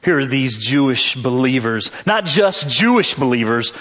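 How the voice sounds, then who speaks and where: A man's voice: mid-range voice, sing-song, normal speed, fairly bright tone. A pastor preaching a sermon in a church, conversational and joking, laughing often as he tells stories. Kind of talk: sermon with humorous storytelling. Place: church sanctuary. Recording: long reverb in a large hall.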